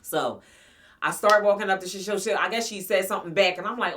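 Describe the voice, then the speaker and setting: A woman's voice: lowish voice, fast, pushed and bright, distant mic, slight background noise. A woman in her forties casually telling a personal story to her viewers, blunt, slangy and profane. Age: 40s. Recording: voice somewhat off-mic.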